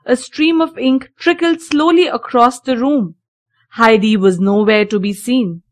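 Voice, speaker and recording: A woman reading a children's story aloud, slow, clear and deliberate. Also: fairly high pitch.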